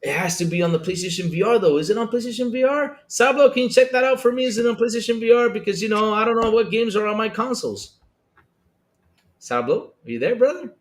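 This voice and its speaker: A man's voice: high voice, expressive, fast. A man hosting a casual gaming podcast, joking around and calling everyone brother. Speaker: podcast host.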